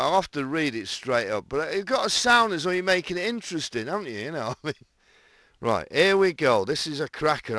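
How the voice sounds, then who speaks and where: A man's voice: fairly high pitch, sharp tone, no echo, studio quality. Chatty man reading commentary lines. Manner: chatty, laughing, self-mocking asides. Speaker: snooker commentator recording lines. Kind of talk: jokey commentary voice-over session.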